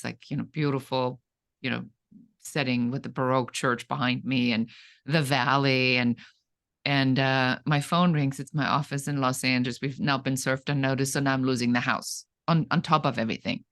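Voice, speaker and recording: A middle-aged woman, a guest entrepreneur from Germany, telling her story in an interview with dramatic, animated delivery. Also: rumbling low.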